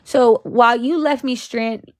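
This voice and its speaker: A woman's voice: on the high side, fairly even intonation, a little slow, darkish tone, dry recording. Heated, profane young woman venting. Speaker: vlogger. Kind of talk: casual storytime rant.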